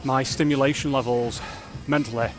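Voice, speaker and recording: A man talking casually to camera in a fitness vlog, energetic and rambling, reflecting openly on his days. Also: medium pitch, normal speed. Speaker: fitness vlogger.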